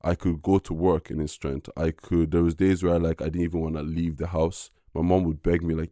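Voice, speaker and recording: A young man, a podcast guest, telling a personal faith story in an earnest, halting way with many fillers. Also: deep voice, flat delivery, dark tone, dry recording. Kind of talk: casual personal testimony.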